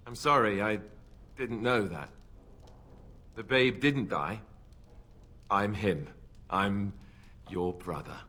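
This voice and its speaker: An actor playing a nervous young warrior who stammers and babbles anxiously, with a husky voice. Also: male voice, lowish voice, slow pace, pauses often, pushed and bright, heavily acted. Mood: earnest. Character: nervous young warrior meeting his lost sister.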